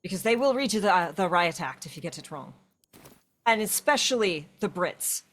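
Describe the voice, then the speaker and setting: A woman's voice: lowish voice, moderate pace. Chatty woman co-hosting a game stream. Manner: chatty, animated storytelling. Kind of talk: casual chat while playing.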